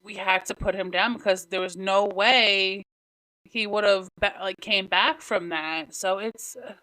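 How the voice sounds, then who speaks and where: A woman hosting a podcast, talking alone in a halting, emotional way with many restarts, close to tears. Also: mid-range voice, steady tone, sharp tone, rough recording. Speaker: podcast host. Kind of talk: solo podcast talk.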